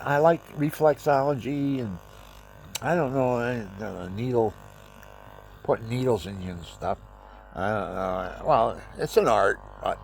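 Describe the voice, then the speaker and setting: A man's voice: mid-range voice, vocal fry, a little hiss or hum. An older man with a stuffy nose, rambling chattily at home in a casual vlog and showing things as he talks. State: stuffy nose, talking through his nose.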